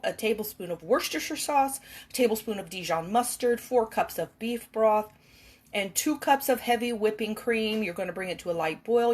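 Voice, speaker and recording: Home cook, woman, slightly high voice, rambling casual kitchen chat on a phone. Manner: chatty, rambling with restarts.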